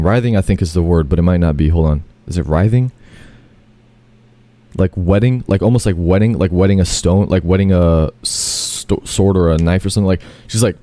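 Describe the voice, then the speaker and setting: A man's voice: deep voice, warm tone. A man telling a long, rambling first-person story, full of fillers, self-corrections and casual swearing.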